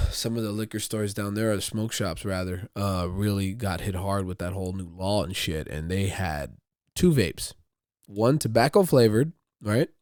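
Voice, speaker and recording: A podcast host with a low, darkish, clear and resonant voice talks alone in a casual, rambling monologue. He swears a lot and keeps repeating words, and the recording is echo-free and studio quality.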